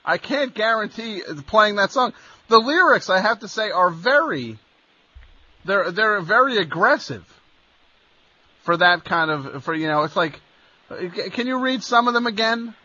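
A man's voice: high voice, animated, unhurried, pushed and bright, dry recording, dull audio. A male radio host talking with a caller in a sarcastic, incredulous way, often stammering. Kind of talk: radio call-in chat.

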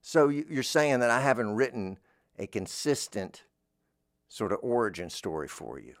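A man's voice: mid-range voice, sing-song, a little slow, a bit bright, dry recording, clean studio sound. A man hosting a comedic interview, talking in a rambling, digressive way. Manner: rambling, digressive, with playful voices. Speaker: host.

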